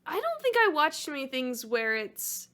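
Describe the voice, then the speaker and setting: A young woman co-hosting a podcast, chatty and quick with asides, laughing often. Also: sits high, huge pitch swings, bright, forceful tone. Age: young adult. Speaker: podcast co-host. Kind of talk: casual chat.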